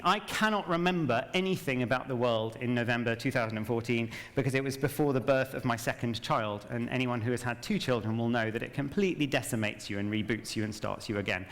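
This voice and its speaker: A man's voice: medium pitch, fairly bright tone. A man giving a talk on stage with no notes, chatty and self-mocking, dropping wry jokes along the way. His voice sits mid-range and rings with the long reverb of a large event hall. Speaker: game narrative director giving a talk. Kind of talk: conference talk without notes.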